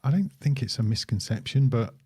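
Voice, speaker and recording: A man's voice: mid-range voice, animated, brisk, a little mellow, slightly rough. Middle-aged English man chatting casually. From England. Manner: conversational, restarts and repeats words, steers topics. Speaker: podcast co-host. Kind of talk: casual chat.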